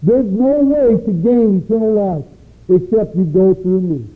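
A man's voice: sits high, measured pace. A man preaching a sermon with an emphatic, rising and falling cadence. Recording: tinny phone-like recording.

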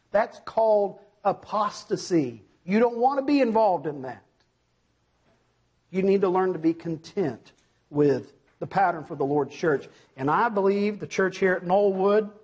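A middle-aged male preacher delivering a sermon with a high, husky voice. He is emphatic and keeps throwing questions at the congregation, then answers them himself. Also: a little mellow.

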